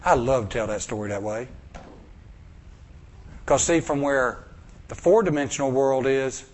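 A male preacher, telling a story in a sermon, acting out voices and swinging from loud bursts to hushed lines. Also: mid-range voice, a little slow.

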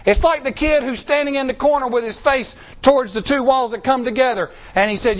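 A man's voice: very high voice, brisk, few pauses. A middle-aged man preaching a story-filled sermon, acting out quotes in shifting voices.

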